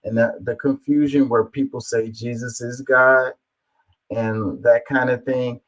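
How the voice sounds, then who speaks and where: A man's voice: medium pitch, level tone, measured pace, poor audio. A man hosting a reaction video, commenting casually and rambling as he thinks aloud, with many fillers.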